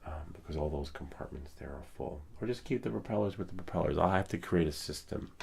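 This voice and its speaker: A hoarse man live-streaming, chatting casually and thinking aloud with many fillers as he works. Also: a bass voice, animated, quick pace, darkish tone. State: hoarse, losing his voice.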